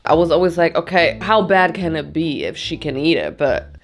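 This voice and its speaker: A woman's voice: deep voice, sing-song, moderate pace. A young woman from Germany with a German accent, reviewing food in a playful, dramatic vlog and laughing often. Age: young adult. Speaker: food vlogger.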